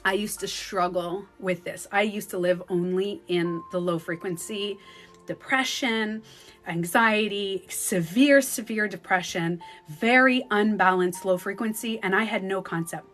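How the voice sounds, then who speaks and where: A woman talking casually as a spiritual coach on a phone livestream, animated and acting out the voices she quotes. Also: mid-range voice, unhurried, soft background music.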